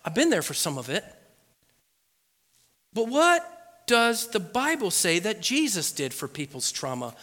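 High, bright-voiced preaching pastor. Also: male voice, huge pitch swings, a little slow, long pauses. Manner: preaching with rising, emphatic repetition. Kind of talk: sermon. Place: church sanctuary. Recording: echoey hall with long reverb.

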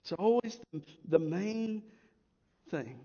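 A man with a high voice preaches a sermon, moving from loud emphasis to hushed, near-whispered asides. His voice rings out in a long, echoing hall. The recording sounds slightly muffled. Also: lively intonation, slow. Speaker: pastor.

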